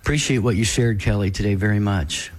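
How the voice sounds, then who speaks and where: A man's voice: on the low side, a little fast. Man co-hosting a faith-based call-in show. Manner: earnest, reflective, faith-based. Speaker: radio co-host. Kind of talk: call-in radio talk.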